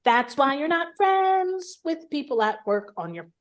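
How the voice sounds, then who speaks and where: A woman co-hosting a casual chat, teasing and lively. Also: high voice. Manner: teasing, lively, quick to laugh. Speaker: podcast co-host.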